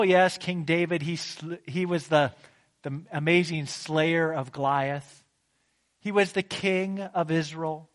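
A man delivering a sermon in a fairly high voice. He speaks slowly and deliberately. He repeats phrases for emphasis and drops to a hush before rising again. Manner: preaching with swings from hushed to emphatic. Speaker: pastor.

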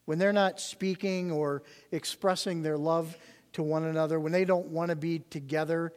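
A man's voice: on the high side, steady tone, moderate pace. A man teaching a Bible study, reading scripture and explaining it in an earnest, explanatory way with emphasis on key words. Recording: long hall reverb.

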